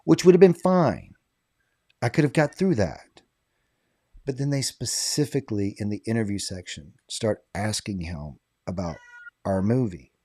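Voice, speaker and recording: A man's voice: fairly low pitch, measured pace, breathy edge, dry recording. Dry-sounding man telling a story. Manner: animated, laughing anecdote-teller. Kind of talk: casual storytelling chat.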